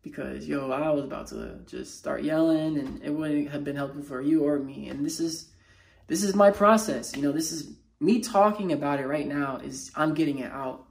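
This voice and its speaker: Feeling low, a mental health motivational speaker records an unscripted personal vlog in a gravelly voice. His delivery halts and restarts, emotional and raw, peppered with slang fillers.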